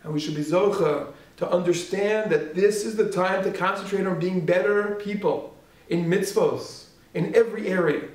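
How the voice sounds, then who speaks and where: A man, a yeshiva rabbi giving a sermon, animated and full of rhetorical questions, swinging from loud to hushed. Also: sits high, normal speed. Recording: echoey room, speaker far from mic.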